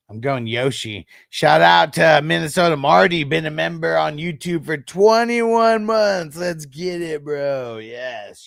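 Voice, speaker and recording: A man in his thirties hosts a fantasy football livestream, chatting casually, laughing and swearing. His voice is a little high and gravelly, with clean studio sound and no echo.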